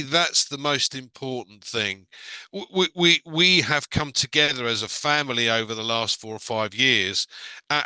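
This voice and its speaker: A man with a very bright, smooth voice gives a sincere, measured testimony. The sound is dry and close. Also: mid-range voice, dry recording, poor audio. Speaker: participant in an online group call. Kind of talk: personal testimony.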